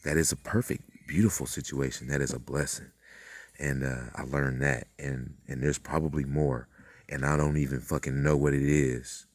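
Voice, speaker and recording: A man's voice: a bass voice, flat delivery, moderate pace, no echo. A man hosting his own channel, talking in a meandering, profane monologue full of fillers and acted-out quotes. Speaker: channel host. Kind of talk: rambling spiritual monologue.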